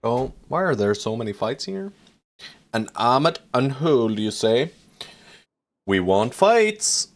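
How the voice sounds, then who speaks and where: A man's voice: mid-range voice, very animated, slow. A man streaming a strategy game live, chatting playfully to viewers and bossing his units around with casual swearing. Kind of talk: live gameplay commentary.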